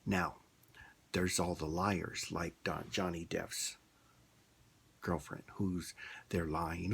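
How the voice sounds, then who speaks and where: A man's voice: low-pitched, steady tone, slow pace, vocal fry, long pauses, slight background noise. A man ranting bluntly in a rambling, casual opinion monologue. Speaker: vlogger.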